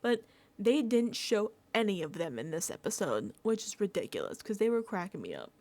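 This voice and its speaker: A young woman recapping a reality show in casual reaction commentary, animated and laughing with exasperated asides. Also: medium pitch, moderate pace.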